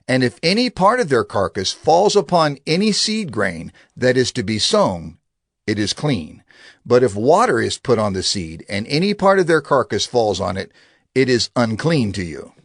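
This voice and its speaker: A man giving a measured, expressive scripted narration of scripture. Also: mid-range voice.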